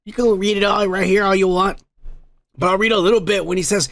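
A man's voice: high-pitched, fairly even intonation, fairly quick, a bit bright. A man hosting a comedy podcast, ranting and swearing constantly in a crude, rambling way. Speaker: podcast host. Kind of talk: crude drunken comedy rant.

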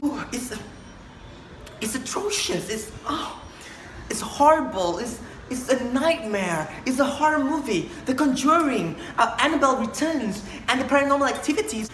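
A woman voicing a prim, gushing Western neighbor who speaks slowly and over-politely, recorded in an echoey room. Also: high-pitched, animated, a bit bright, slight background noise. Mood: appalled.

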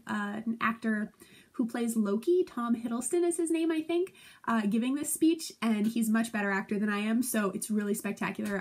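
Chatty, playful woman teacher. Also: fairly high pitch. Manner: chatty, playful, acts out quotes with giggles. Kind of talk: casual recorded lesson.

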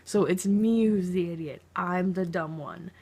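A woman's voice: fairly low pitch, unhurried, darkish tone, breathy edge. A young woman telling a story in a casual vlog, sarcastic and exasperated, swearing freely. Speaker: vlogger.

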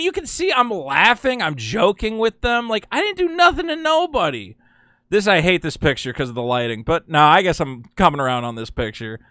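A man hosting a casual commentary vlog, talking in an excitable, rambling, exasperated way. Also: sits high, clean tone, no echo, studio quality. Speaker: channel host.

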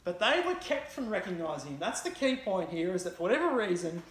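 A woman's voice: fairly low pitch, sing-song, brisk, reverberant. Chatty woman preaching in a church. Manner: chatty, conversational retelling with fillers. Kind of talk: sermon.

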